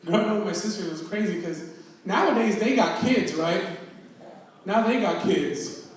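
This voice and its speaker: High-voiced man doing stand-up, far off in a roomy hall. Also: lively intonation, moderate pace. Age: 30s. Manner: self-mocking storytelling with acted-out quotes. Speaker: stand-up comedian. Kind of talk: stand-up comedy set. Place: live comedy show in an echoey hall. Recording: roomy live hall recording from far off, audience laughter. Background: audience laughing.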